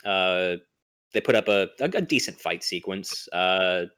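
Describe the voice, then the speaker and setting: A man's voice: deep voice, unhurried, bright, forceful tone, clear, resonant tone, dry recording. A young man co-hosting a casual movie podcast, rambling with lots of fillers and restarts. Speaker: podcast co-host. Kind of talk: casual movie-recap chat.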